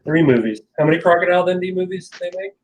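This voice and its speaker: A man co-hosting a casual podcast chat, cracking dry jokes and tossing in quick questions. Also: sits high, darkish tone, slight background noise, poor audio. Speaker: podcast co-host.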